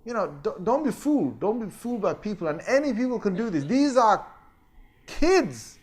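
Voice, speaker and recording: A man teaching a religious lecture, telling the story in a lively way and acting out quoted voices and fake crying. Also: sits high, normal speed. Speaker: Islamic teacher.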